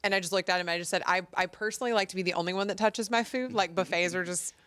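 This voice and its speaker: A woman in her thirties co-hosting a casual talk show, telling stories with lively acted-out quotes. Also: lowish voice, racing, smooth. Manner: animated storyteller, acts out quotes. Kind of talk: casual chat.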